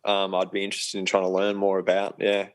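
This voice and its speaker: This young man's voice sits low and is delivered completely flat and fast. He's a professional sailor guesting on a podcast, casual and rambling with many ums, and the audio quality is poor.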